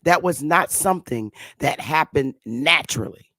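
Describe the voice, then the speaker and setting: A woman vlogger sitting at home, ranting loudly and profanely to her viewers and laughing often. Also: low-pitched, animated, moderate pace, no room sound, studio quality. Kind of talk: profane comic rant to viewers.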